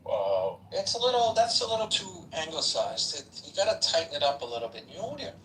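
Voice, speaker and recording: A man's voice: fairly high pitch, big pitch swings, fairly quick, fairly bright tone. A man taking part in an online voice chat debate, conversational and wry. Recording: distant, noisy online audio.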